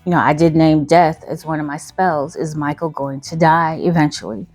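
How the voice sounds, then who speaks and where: A woman voicing a heartbroken young wife in a spoken storytime, with a plain voice a bit higher than her own. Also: fairly even intonation, moderate pace, darkish tone, dry recording, soft background music. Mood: tender.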